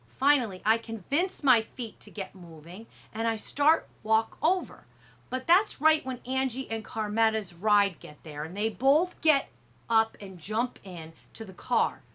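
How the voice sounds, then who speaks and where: A woman narrating a middle-grade novel in first person, with expressive, youthful storytelling. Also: a little high, measured pace. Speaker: audiobook narrator.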